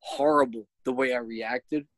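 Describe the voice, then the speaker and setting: A man's voice: mid-range voice, steady tone, measured pace, dry recording, low-quality recording. A man chatting casually, telling an exasperated, profane story as a parent. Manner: shouts when quoting himself. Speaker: podcast host, parent. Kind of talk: casual chat.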